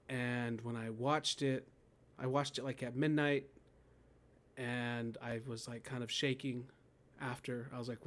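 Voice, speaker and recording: A man in his thirties, a guest in an interview, telling a personal story in a casual way, often laughing and quoting his own thoughts. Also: mid-range voice. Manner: laughs often, animated storytelling with quoted inner voices. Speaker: guest, poet and death doula.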